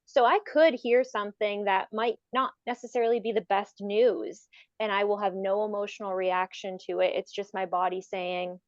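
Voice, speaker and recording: A woman's voice: medium pitch, steady tone, normal speed, no echo. A woman co-hosting a podcast, talking in a reflective, explanatory way with some filler words. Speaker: podcast co-host. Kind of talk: casual spiritual chat. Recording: dry, slightly dull audio.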